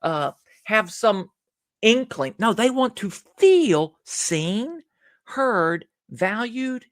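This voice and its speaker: Brief: male podcast guest, expressive storyteller, very lively pitch, dry close sound. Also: drawn-out words, dry recording. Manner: animated storyteller who acts out little dialogues. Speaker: podcast guest, gratitude speaker. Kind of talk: conversational podcast interview.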